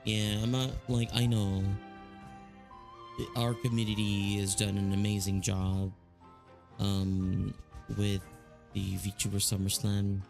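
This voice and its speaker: A man's voice: fairly low pitch, level tone, slow, gravelly, long pauses, over music. A man with a Filipino accent chatting casually on a live stream, rambling with lots of fillers and restarts.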